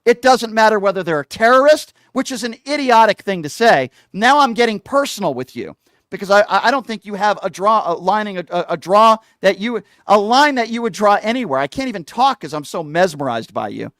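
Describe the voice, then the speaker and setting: A man's voice: sits high, lively intonation, a little fast, a bit bright, no room sound, studio quality. A male talk show host arguing with a caller, hectoring, insulting him and repeating the same question. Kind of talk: heated call-in argument.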